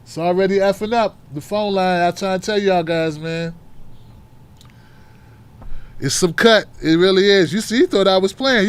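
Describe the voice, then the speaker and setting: A man's voice: high voice, normal speed, clear, resonant tone. A man from Tennessee with a Southern accent, hosting a political talk show in a blunt, profane, mocking style. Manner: fired up, rants with rhetorical questions. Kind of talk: casual livestream commentary.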